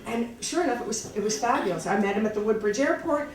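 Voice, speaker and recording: A woman telling a personal story live on stage, halting with restarts and wry, laughing asides. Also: a little high, animated. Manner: halting, many restarts and fillers. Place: small live venue. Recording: echoey, far-off room mic.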